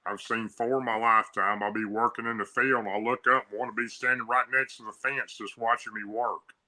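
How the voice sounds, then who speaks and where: A man voicing his older grandfather, a calm, plainspoken farmer who talks in an unbothered, folksy way. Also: mid-range voice, fairly quick, rough recording. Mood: reassuring. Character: calm old farmer grandfather, matter-of-fact.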